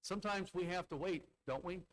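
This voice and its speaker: A man's voice: high-pitched, brisk, poor audio. A man, a church elder, preaching a sermon conversationally, asking the congregation rhetorical questions and acting out the characters' lines as he retells a Bible story. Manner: conversational, asks listeners rhetorical tag questions; acts out the characters' quoted lines in Bible stories.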